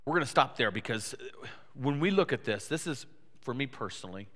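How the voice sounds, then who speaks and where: A man preaching a sermon to his congregation, animated and lively, switching into different voices to act out how listeners react. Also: brisk. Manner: animated, acts out listeners' voices with big pitch swings. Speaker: pastor. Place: church sanctuary. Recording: reverberant church hall.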